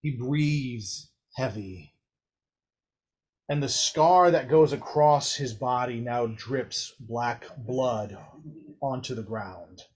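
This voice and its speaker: Slow, dramatic male game master. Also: mid-range voice, slightly rough. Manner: slow, measured, dramatic narration. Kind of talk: narrating a tabletop game.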